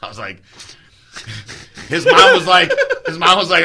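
A man's voice: medium pitch, lively intonation, normal speed, pushed and bright. A man co-hosting a casual chat, telling stories animatedly, swearing freely and mimicking people he met. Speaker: podcast co-host.

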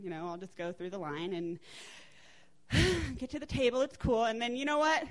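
A woman in her twenties with an American accent, telling a funny family story on stage in a chatty, animated way, laughing and swearing as she goes. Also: on the high side, moderate pace, pauses often. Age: 20s.

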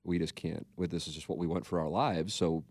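A man's voice: deep voice, steady tone, brisk, darkish tone, dry recording, studio quality. A man co-hosting a podcast, talking in a rambling, candid way and swearing freely. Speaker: podcast co-host. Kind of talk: casual podcast chat.

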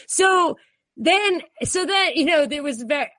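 A woman co-hosting a casual political chat, talking in a chatty way with laughing asides and quick restarts. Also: very high voice, animated, fairly bright tone, dry recording. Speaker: co-host.

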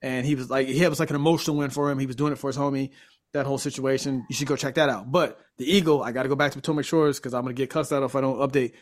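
A man's voice: mid-range voice, very fast. A man co-hosting a casual golf podcast, telling stories and acting out what people said. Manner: animated storyteller, acts out quotes. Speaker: podcast co-host.

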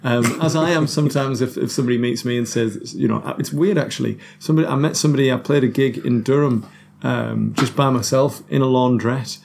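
Gravelly-voiced man, chatty. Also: medium pitch, a little fast, darkish tone, a little hiss or hum. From North East England. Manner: chatty, self-deprecating, lots of restarts and laughs. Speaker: guest musician. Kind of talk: casual podcast chat.

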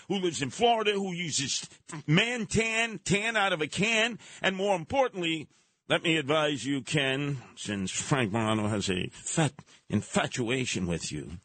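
A man's voice: fairly high pitch, dry recording. A man hosting a talk radio show, ranting in a monologue and slipping into mocking impressions. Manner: animated, jumping into mocking impressions.

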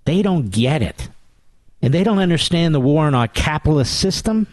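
A man's voice: fairly high pitch, expressive, moderate pace, darkish tone, no room sound. A man hosting a political talk radio show, delivering a combative, sarcastic monologue.

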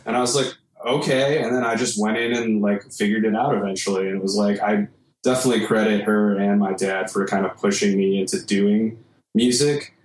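A man's voice: lowish voice, steady tone, fairly quick, darkish tone. A man from Michigan, a guest musician, chatting casually and rambling with a self-deprecating streak. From Michigan, United States. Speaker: guest musician, singer and guitarist. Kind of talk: casual podcast conversation. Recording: roomy echo.

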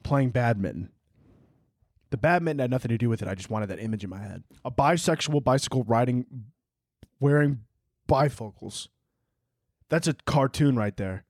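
A man's voice: medium pitch, moderate pace, pauses often, a little mellow, no echo, studio quality. A young man hosting a solo podcast, rambling and joking crudely, filling his talk with "like" and "dude". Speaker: podcast host.

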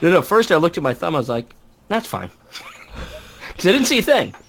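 A man on a casual podcast who jumps in with quips and laughs through his side of the story. His voice is a bit high for a man and moves around a lot in pitch. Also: very animated, moderate pace, a bit bright. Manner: chiming in with jokes and laughing. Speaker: podcast co-host. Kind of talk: casual chat.

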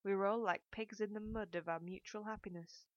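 A woman voicing a weary, calculating man who coolly presses for a favour, evasive and flat. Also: medium pitch, fairly quick, no room sound, natural voice. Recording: dull, dry audiobook recording.

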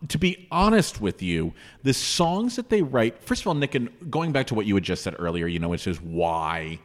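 A man's voice: fairly low pitch, sing-song, normal speed, in a large hall. A man co-hosting a podcast in casual chat, playful and prone to joking bits. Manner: playful, breaks into mock announcer bits. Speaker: podcast co-host.

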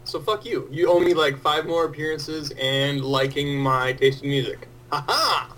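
A man's voice: on the high side, normal speed, a little hiss or hum, low-quality recording. A man guesting on a friend's podcast in casual chat, swearing often and laughing easily. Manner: profane, laughing, excitable.

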